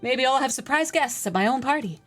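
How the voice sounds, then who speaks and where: A woman live-streaming a game, chatting with her viewers and getting excitable during play. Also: sits high, fairly quick, faint music behind. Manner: chatty, excitable, talks to chat. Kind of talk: live-stream gaming chat.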